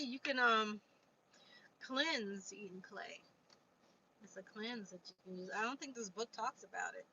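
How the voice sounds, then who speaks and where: Woman chatting to her viewers, bright voice, kinda dull lo-fi audio. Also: on the high side. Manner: chatty, reads aloud from a book, talks to viewers. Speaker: livestream host. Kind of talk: casual livestream chat reading viewer comments. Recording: dull lo-fi stream audio with faint noise.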